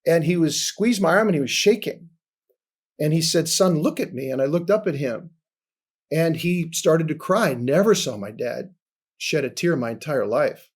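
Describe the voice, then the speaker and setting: A man in his sixties, a podcast guest sharing a personal testimony in an earnest storytelling way, often dropping soft and low. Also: lively intonation, normal speed, breathy edge. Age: 60s.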